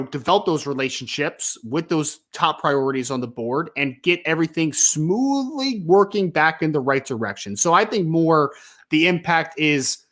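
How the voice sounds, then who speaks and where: Easygoing man with a slightly high voice. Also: fairly bright tone. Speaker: podcast co-host. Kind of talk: casual sports podcast chat.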